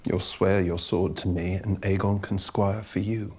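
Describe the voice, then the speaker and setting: A cynical, fed-up prince with a flat RP English voice. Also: male voice, deep voice, measured pace, slightly rough. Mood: curt. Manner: curt and cynical. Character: cynical, fed-up middle-aged royal prince. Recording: TV drama clip with faint ambience.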